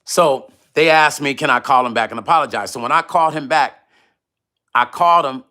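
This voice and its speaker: A man casually telling a personal story on his vlog, animated and profane, acting out both sides of phone calls. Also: mid-range voice, brisk. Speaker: musician vlogger.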